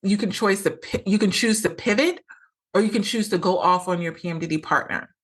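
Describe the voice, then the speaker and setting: A woman's voice: mid-range voice, brisk, slightly rough. A woman hosting a solo podcast, talking earnestly as a coach and acting out quoted lines with a lot of repetition.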